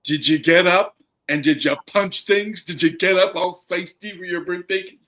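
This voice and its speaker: Rambling man with a fairly high voice. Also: fairly even intonation, moderate pace, pushed and bright. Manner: rambling, lots of fillers. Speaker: co-host. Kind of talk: casual chat.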